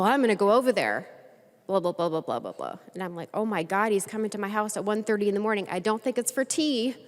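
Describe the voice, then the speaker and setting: A woman's voice: mid-range voice, a little mellow. A woman legislator giving a floor speech, earnestly recounting a personal story and acting out the quoted lines. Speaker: state legislator. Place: legislative chamber. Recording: long reverb of a large chamber.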